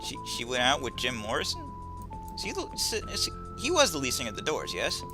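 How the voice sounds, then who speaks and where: A man's voice: medium pitch, wildly swooping pitch, fast talker, over music. A man giving casual, joking commentary while playing a video game. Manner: joking, chatty asides. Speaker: let's play commentator.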